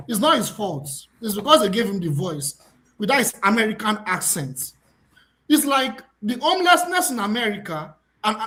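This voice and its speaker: A man holds forth on a panel with a lively, swooping pitch. He repeats himself for emphasis and pushes toward shouting as his passion builds. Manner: passionate, repetitive, rising to near shouts. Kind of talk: heated panel debate.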